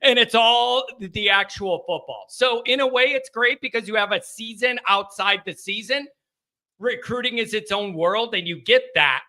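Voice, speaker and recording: A man's voice: extremely high pitch, lively intonation, normal speed, bright, forceful tone. A man hosting a live sports call-in stream, chatting casually from a home studio, rambling and joking with his chat viewers.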